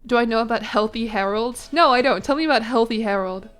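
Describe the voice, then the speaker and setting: Speaking fast, a woman with a fairly high voice streams a game, musing aloud and fielding chat messages as they come. She chats easily with viewers and giggles in asides, and quiet game music sits faintly below her voice.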